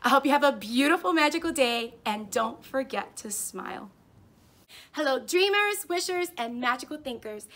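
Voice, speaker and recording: A young woman teacher vlogger unboxing gifts in a casual chat, gushing and excitable, often saying "like". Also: high-pitched. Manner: gushing, excitable, says like a lot. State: tearful, emotional.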